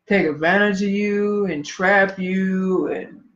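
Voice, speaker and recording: A man's voice: high voice, fairly even intonation, slow, fairly bright tone. A man co-hosting a casual podcast chat, speaking earnestly and preachily and sometimes stumbling over his words. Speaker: podcast co-host. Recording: dull lo-fi livestream audio.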